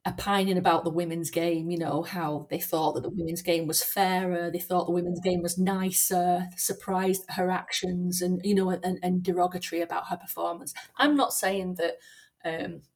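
Lowish woman's voice, academic guest on a podcast, lots of ums and restarts. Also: level tone, normal speed. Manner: thoughtful, many fillers and restarts. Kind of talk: podcast interview.

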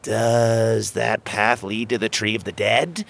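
A man's voice: on the low side, level tone, takes it slowly, vocal fry, a bit bright, exaggerated voice. A man voicing a brash, eager fairy companion who speaks up in a raised voice.

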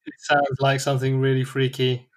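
A man's voice: medium pitch, completely flat delivery, moderate pace. A man hosting a podcast in casual chat, laughing often and teasing his guest. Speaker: podcast host.

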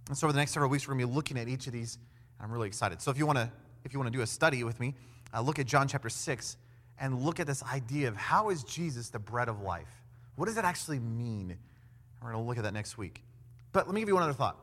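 A man preaching a sermon in an animated way, acting out quoted voices with big swings in loudness. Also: medium pitch, quick pace. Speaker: pastor. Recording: long hall reverb.

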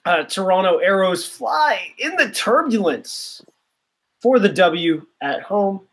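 A man's voice: high-pitched, lively intonation, slow, fairly bright tone. Opinionated man rambling on a podcast. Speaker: podcast co-host. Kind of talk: casual podcast chat.

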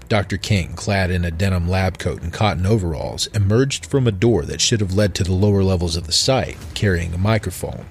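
A man narrating a dark horror story in a measured, deliberate way. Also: low voice, slight background noise.

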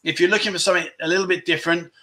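A middle-aged man, talking on a relaxed livestream. His voice is bright and a little high, and his chat is upbeat and rambling. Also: rapid-fire. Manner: chatty, enthusiastic, repeats words for emphasis. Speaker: livestream host. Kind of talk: casual livestream chat reading viewer comments.

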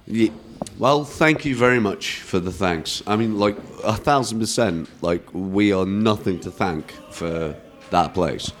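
Jokey bloke, self-mocking, some noise behind. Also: male voice, on the low side, unhurried. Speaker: venue supporter and musician.

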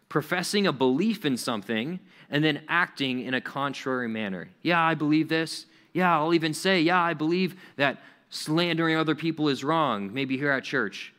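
A man's voice: mid-range voice, fairly bright tone. A young adult man preaching a conversational sermon to young people, acting out little quoted voices as he goes.

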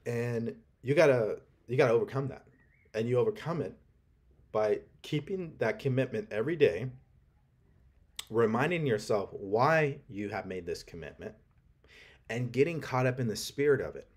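A man's voice: mid-range voice, animated, normal speed, slightly rough. A man hosting a podcast, giving an emphatic motivational talk with a coaching tone. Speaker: podcast host.

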